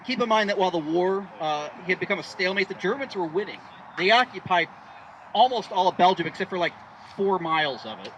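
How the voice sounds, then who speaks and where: A man giving a rambling outdoor history talk at a re-enactment, with many fillers and restarts. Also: high-pitched. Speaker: re-enactment presenter. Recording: distant outdoor recording with loud background noise.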